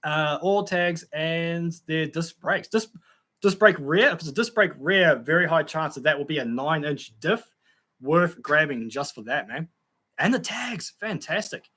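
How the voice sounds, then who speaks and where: A man's voice: on the high side, animated, unhurried, sharp tone. A young man hosting a casual livestream, reading out viewer comments in a chatty, laid-back way with frequent ums and laughs.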